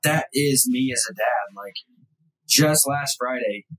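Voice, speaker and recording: A man's voice: medium pitch, slow pace, a crowd in the background, rough recording. A man in his thirties hosting a podcast, talking enthusiastically with lots of "dude" and "bro". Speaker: podcast host. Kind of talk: casual chat.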